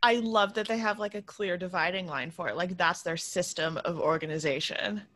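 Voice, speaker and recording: A woman co-hosting a casual chat show, giggly and expressive. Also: fairly low pitch, normal speed. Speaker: podcast co-host.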